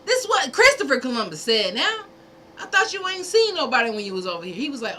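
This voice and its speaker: A woman speaks straight to her livestream viewers with fervent conviction. She builds her points through hammering repetition and drops in the odd curse. Her voice is bright and forceful and sits a little high, over a faint hiss. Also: very animated, a little fast. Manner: preachy, fervent, profane, speaks in repeated punchy phrases. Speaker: livestream host. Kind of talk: impassioned livestream monologue.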